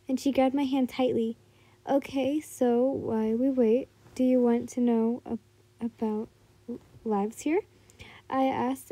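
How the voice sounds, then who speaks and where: A woman's voice: high-pitched, mellow, dry recording. A woman reading a listener story aloud, often stumbling and restarting words. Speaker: fan fiction reader.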